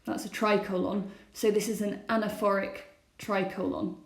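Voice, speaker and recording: A woman's voice: medium pitch, fairly even intonation, normal speed, reverberant. A woman teacher explaining a set text over slides in a recorded lesson, asking her students questions as she goes. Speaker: classics teacher.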